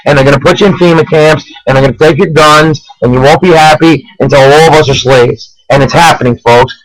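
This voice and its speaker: Male vlogger from New Jersey, fiery pleading rant, slightly high voice, radio-like lo-fi sound. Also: fairly bright tone. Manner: urgent, pleading, repeatedly begging viewers. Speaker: host of own web show. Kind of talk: impassioned political vlog rant.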